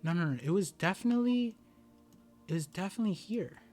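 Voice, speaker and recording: Excitable high-voiced male streamer. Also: fairly quick, faint music behind. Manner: excitable, exclaims and stammers when surprised. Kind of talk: live reaction reading of a comic chapter.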